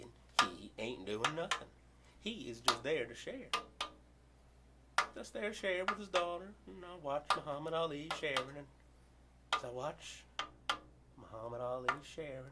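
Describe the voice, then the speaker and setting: An older man performing a story poem dramatically, swinging from loud outbursts to hushed whispers. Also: medium pitch, heavy background noise.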